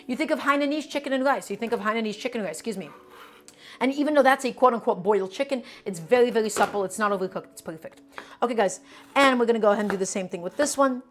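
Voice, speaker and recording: A woman's voice: a little high, slight background noise. A woman hosting a live cooking stream from her home kitchen, chatting enthusiastically with viewers as she chops vegetables. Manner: enthusiastic, repetitive, addresses viewers as friends.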